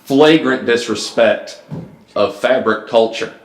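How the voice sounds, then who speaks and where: A man hosting a podcast, telling stories in a deadpan, mock-grandiose way in casual comedic chat. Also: mid-range voice, slow pace. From Mississippi, US. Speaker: podcast host. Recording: echoey room.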